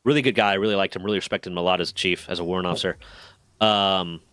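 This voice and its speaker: A man with a deep, smooth voice races through a workplace story on his stream, swearing casually and animatedly acting out the quoted dialogue.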